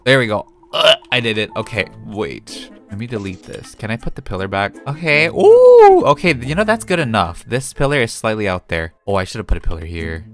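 Brief: young male game vlogger, low-set voice, chatty and excitable, faint music behind. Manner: chatty and excitable, with gasps and squeals. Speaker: game building video creator. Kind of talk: casual gameplay commentary.

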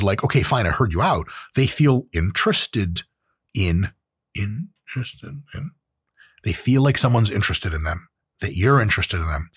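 A man's voice: mid-range voice, slightly rough, no room sound, clean studio sound. A man hosting a show, giving advice in a casual, profane, joking monologue. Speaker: podcast host.

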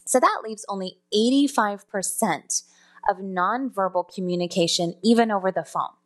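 A woman's voice: mid-range voice, normal speed. A woman teaching customer service phone skills in a spoken lesson, explaining step by step and now and then correcting herself. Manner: explanatory, self-correcting, demonstrates tones aloud.

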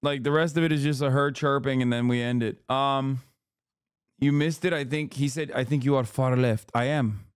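A man's voice: mid-range voice, fairly even intonation, normal speed, clear, resonant tone, no room sound, clean studio sound. Sarcastic man joking on stream. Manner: joking, sarcastic, laughs between lines. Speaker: livestreamer reacting to a clip. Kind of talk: casual stream commentary.

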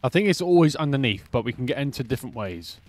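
A man's voice: medium pitch, lively intonation, quick pace, darkish tone. A man streaming a game, chatting casually with friends and often restarting his sentences. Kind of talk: casual gaming chat. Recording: faint background noise.

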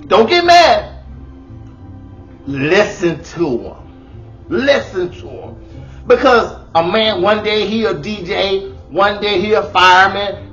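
A man's voice: high voice, fairly bright tone, dull audio. A middle-aged man, doing a comedic monologue of relationship advice, exclaiming and hamming it up in a bold persona.

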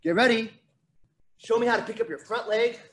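A man's voice: very high voice, fast. A man teaching a virtual martial arts class to kids, coaching energetically and counting out drills. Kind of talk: virtual kids' class instruction.

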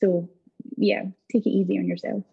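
A woman's voice: mid-range voice, normal speed, creaky, slightly rough, dull audio. A woman with a Scottish accent, a comedian telling a story on a discussion panel and acting out the dialogue. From Scotland. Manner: animated storytelling with acted-out dialogue. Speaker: comedian guest.

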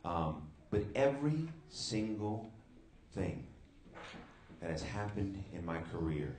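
A man takes his time telling his faith story to a live youth crowd in a big hall, staying lively, addressing the audience directly, and climbing sharply in pitch as he gets excited. A little hiss or hum can be heard.

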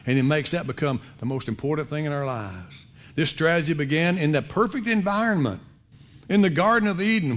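A male pastor preaching a sermon in a conversational, folksy way, repeating phrases for emphasis. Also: on the high side.

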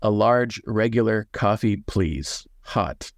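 A nervous man stumbles through his first coffee order, as a man reads him aloud. His voice sits low and hesitant, with halting pauses. The sound is close and dry. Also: dry recording. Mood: flustered. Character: flustered middle-aged man ordering coffee.

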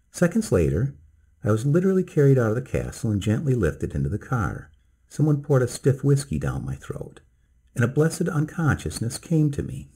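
Male storyteller for a bedtime tale, mellow and husky, dramatic first-person delivery. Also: mid-range voice. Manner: slow, measured, dramatic first-person telling. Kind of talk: scripted narration of a bedtime story.

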